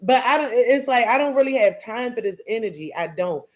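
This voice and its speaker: A woman's voice: on the high side, expressive, a little fast. A grieving mother talking straight to camera in a heated, blunt, profane rant, often repeating herself.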